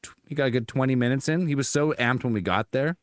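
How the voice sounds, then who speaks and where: A man's voice: medium pitch, quick pace, no room sound, studio quality. A man chatting casually on a podcast, laid-back and plain-spoken as he talks about his kids. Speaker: podcast co-host. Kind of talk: casual chat.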